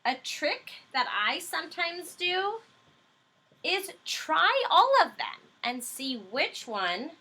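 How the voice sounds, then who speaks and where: A woman's voice: extremely high pitch, very animated, slow pace, sharp tone. A woman teacher leading a phonics lesson for young children, patient and encouraging, stretching out words and letters as she spells them.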